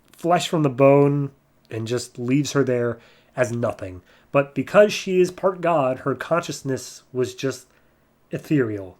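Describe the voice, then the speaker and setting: A man casually recapping a comic book on a podcast. He jumps into higher voices for the characters' lines. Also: darkish tone. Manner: retells scenes in voices, jumping higher for quotes. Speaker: podcast host.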